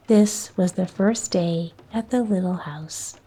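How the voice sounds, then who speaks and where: A woman narrating a bedtime chapter book in a calm, soothing way. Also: lowish voice, takes it slowly, hardly any pauses, breathy edge. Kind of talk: sleepy bedtime story reading.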